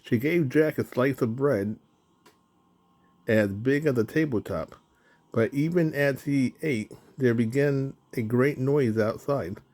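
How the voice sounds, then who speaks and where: A man narrating a children's storybook in a slow, even reading. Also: medium pitch.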